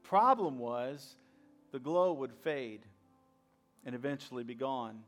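A man's voice: medium pitch, animated, takes it slowly, soft background music. A male pastor preaching a sermon, repeating key lines and acting out the voices of skeptics. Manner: repetitive call-and-response preaching, acts out skeptics.

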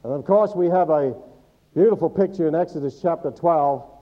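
A slightly high male voice at a moderate pace preaches to a church congregation, quizzing listeners on Scripture with humorous asides. The sound is lo-fi.

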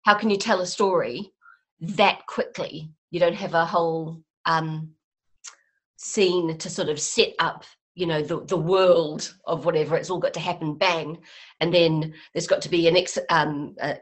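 A middle-aged woman from New Zealand with a softened New Zealand accent, a guest chatting casually in a podcast interview, self-deprecating and rambling with many fillers. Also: low-pitched, steady tone, normal speed. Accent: New Zealand, softened by years in England. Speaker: guest comedy writer.

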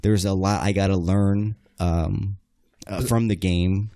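Crude, animated man telling a bar story. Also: sits low, takes it slowly, no echo, clean studio sound. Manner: crude, animated, acts out quoted lines. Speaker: podcast guest telling a story. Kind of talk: casual storytelling chat.

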